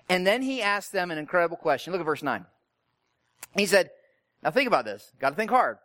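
High-voiced man preaching conversationally. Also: expressive, fast, pushed and bright. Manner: conversational, rhetorical questions, frequent tag "right?". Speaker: pastor. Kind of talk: sermon.

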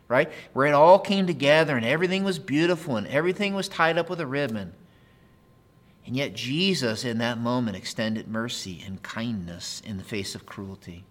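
A man's voice: fairly high pitch, expressive, normal speed. Conversational male pastor preaching. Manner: conversational preaching with playful asides. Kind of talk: sermon.

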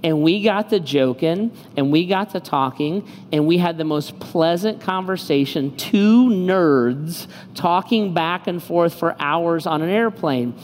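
A man's voice: a little high, a little slow, hardly any pauses, a little hiss or hum. A man preaching a sermon as a pastor, conversational and joking, telling personal stories and asking rhetorical questions. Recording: reverberant hall, faint background ambience.

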